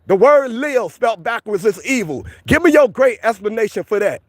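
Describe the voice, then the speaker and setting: Male streamer, high voice, pushy and repetitive, arguing with chat outdoors. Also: animated, brisk, few pauses, no echo. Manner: insistent, repeats points, argues with viewers. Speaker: livestream host. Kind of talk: street livestream arguing with chat. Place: outdoors by a police station.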